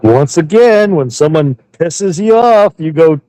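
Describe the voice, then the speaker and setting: Calm, mellow-voiced man. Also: on the high side, measured pace, dry recording, poor audio. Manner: calm, agreeing, laid-back. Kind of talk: casual stream chat.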